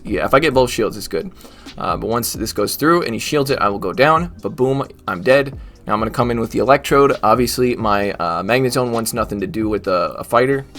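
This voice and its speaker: A man narrating his own battles in casual commentary, teasing and trash-talking the enemy's creatures as he plays. His voice sits at an ordinary middle pitch, with quiet background music running underneath. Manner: joking, mock trash talk at the game. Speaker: gaming YouTuber. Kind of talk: casual live gameplay commentary.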